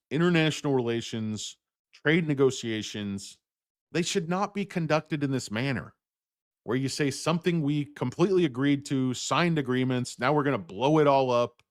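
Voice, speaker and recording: A man hosting a stock market livestream, ranting bluntly and profanely while answering chat, with loud outbursts and low muttered asides. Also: dry recording, studio quality.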